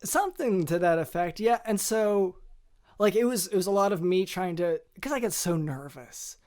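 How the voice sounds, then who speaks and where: A man hosting a podcast, telling a deadpan comic story in a halting, hesitant way with many restarts. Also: sits high. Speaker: podcast host.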